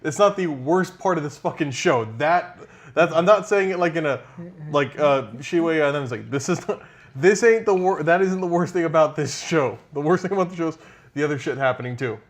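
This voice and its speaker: A man's voice: a little high, a little fast. A man co-hosting a wrestling podcast, rambling casually with many restarts and swearing. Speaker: podcast co-host. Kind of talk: casual chat.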